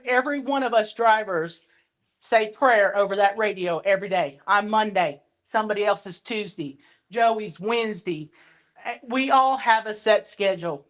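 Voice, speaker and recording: A woman's voice: medium pitch, fairly bright tone. A woman, a school bus driver giving a passionate, plain-spoken public comment. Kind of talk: public comment at a board meeting.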